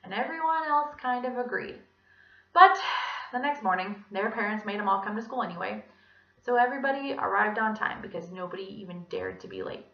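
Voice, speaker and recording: A young woman performing a children's story aloud for a storytelling class, animated and voicing many characters. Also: medium pitch, a little fast. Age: young adult. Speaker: student storyteller. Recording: distant mic, roomy, dull sound.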